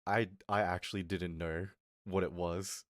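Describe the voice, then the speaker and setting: A young man streamer telling a story in a casual rant, animated and swearing, acting out what people said. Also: low voice, a little slow, no room sound, studio quality.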